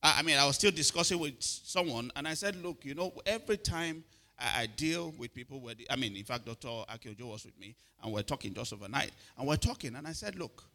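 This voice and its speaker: A man's voice: mid-range voice, expressive, a little fast, gravelly, bright, forceful tone. A middle-aged man preaching a sermon, often asking if listeners are following and repeating his words. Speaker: pastor.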